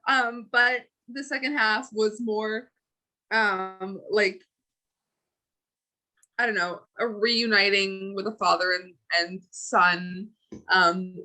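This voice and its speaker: A woman's voice: mid-range voice, little pitch movement, slow pace, bright, forceful tone, low-quality recording. A woman co-hosting a podcast, chatting casually about movies with lots of fillers and giggles. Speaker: podcast co-host. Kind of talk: casual chat.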